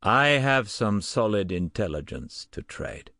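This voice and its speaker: A man's voice: lowish voice, animated, a little slow, bright, forceful tone, no echo, clean studio sound. A man voicing a firm, resolute man. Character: resolute man set on a dangerous mission.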